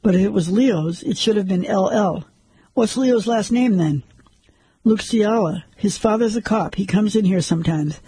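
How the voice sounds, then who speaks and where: A man reading the lines of a frightened, defiant young barmaid in a crime story, with a husky, dark voice. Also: sits high, no echo, poor audio.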